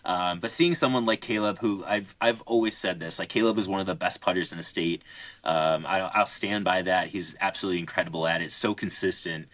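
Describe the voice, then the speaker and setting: A young man co-hosts a podcast, spinning loose, filler-heavy stories with plenty of restarts in casual talk. His low-pitched voice has a fairly bright tone, captured with no echo.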